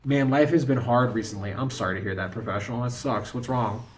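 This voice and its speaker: Male streamer at home, mid-pitched voice, loose and chatty with his viewers, faint room hum behind him. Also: a little fast. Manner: rambling, talks to chat, laughs often. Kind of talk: casual live-stream chat.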